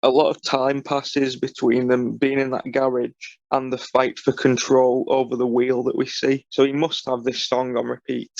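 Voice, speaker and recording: Flat gravelly man, lo-fi. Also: mid-range voice, moderate pace, hardly any pauses, dry recording. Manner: flat, dry, matter-of-fact commentary. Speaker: podcast co-host. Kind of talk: casual podcast chat. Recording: dull lo-fi recording.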